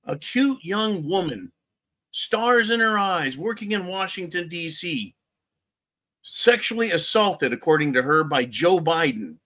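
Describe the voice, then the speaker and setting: Guy ranting on his commentary channel, bit high voiced, swears nonstop, sarcastic. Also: animated, measured pace, sharp tone. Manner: angry, heavily profane, repetitive; sarcastic asides. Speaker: channel host.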